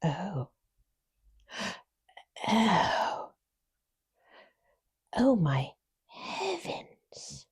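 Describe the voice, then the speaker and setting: A woman's voice: lowish voice, lively intonation, slow pace, a little mellow. A woman hosting a casual nail product unboxing, gushing with little exclamations and sometimes dropping into a whisper. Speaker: nail channel host. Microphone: phone.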